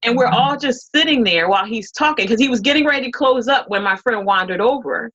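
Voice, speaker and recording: A fairly high-voiced woman tells a story as an interview guest, rambling along with restarts and bits of quoted dialogue. The sound is dull and lo-fi. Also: brisk, a bit bright. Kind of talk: casual storytelling.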